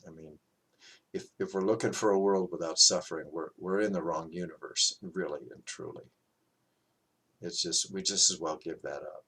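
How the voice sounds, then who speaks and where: A man teaching a qigong class, talking in a reflective, halting way with many fillers and restarts. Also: sits low, fairly even intonation, husky. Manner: gentle, chuckles at his own quotes.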